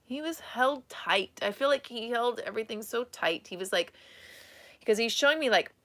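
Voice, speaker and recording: A woman psychic medium giving a live reading, speaking in a halting, emotional way with many restarts, at times tearful. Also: on the high side, lively intonation, fairly bright tone.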